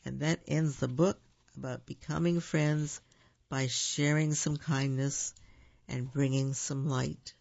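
A man reads picture books aloud in a slow, gentle way, pausing to explain things for young listeners. His voice is gravelly and husky. The recording is dull, lo-fi and dry. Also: medium pitch, steady tone, no echo. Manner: gentle, unhurried, explains to children. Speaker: storyteller. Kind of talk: picture-book read-aloud.

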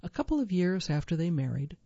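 A woman reading a magazine article aloud for a reading service, in a clear, even, measured way. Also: on the low side, no echo, highs cut off. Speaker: volunteer reader for a reading service. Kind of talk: scripted narration of magazine article.

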